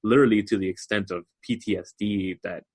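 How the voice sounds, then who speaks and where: A man on a podcast with a somewhat low voice, talking casually. He gets animated explaining background lore in long, loose stretches. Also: fairly quick, husky. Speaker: podcast co-host. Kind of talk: casual chat.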